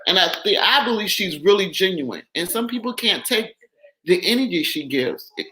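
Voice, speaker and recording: Bright, emotional woman guest. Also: mid-range voice, expressive, normal speed. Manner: emotional, overwhelmed, effusive. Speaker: livestream guest. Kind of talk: casual livestream chat. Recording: echoey room.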